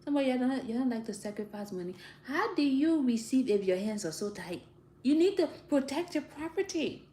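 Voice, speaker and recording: A woman talking casually to viewers, giving direct, animated advice and laughing often. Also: high voice, a little fast. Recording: roomy echo, faint ambience.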